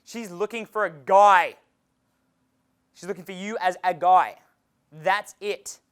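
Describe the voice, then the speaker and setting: A man with an Australian accent giving a live dating-coach seminar in a room with an audience, animated and swearing freely as he acts out dialogues. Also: sits high, slow, clean tone.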